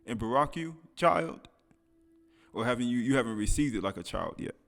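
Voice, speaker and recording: A man preaching, alternating between read scripture verses and loose, conversational commentary. His voice sits at an ordinary middle pitch, with soft music playing faintly behind him. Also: animated, normal speed, gravelly. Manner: reads scripture aloud then comments in casual speech, laughing. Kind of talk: sermon.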